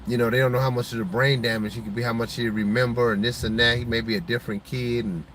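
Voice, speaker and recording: A man at an ordinary pitch tells his viewers a deeply personal story. His telling is emotional and heartfelt, full of pauses and restarts. A faint hum of vehicle noise sits behind his voice. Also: flat delivery, fairly bright tone, rough recording. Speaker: show host.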